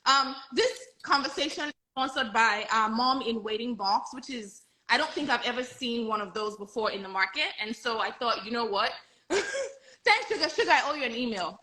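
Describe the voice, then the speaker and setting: Woman host, high voice, bright tone, bubbly, laughs a lot, casual live chat. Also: animated, moderate pace, rough recording.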